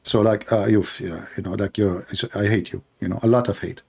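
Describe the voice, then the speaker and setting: A man's voice: fairly low pitch, fairly even intonation, moderate pace, vocal fry, darkish tone, husky. Sarcastic, emphatic male commentator. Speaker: channel host. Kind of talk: polemical commentary over clips.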